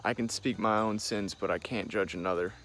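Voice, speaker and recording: A man playing a weary, condemned Salem farmer who speaks to the camera in halting vlog messages, saying "y'all". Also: fairly low pitch, fairly even intonation, fairly bright tone, natural voice. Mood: resigned. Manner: slow, halting, says "y'all". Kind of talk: amateur vlog-style role-play.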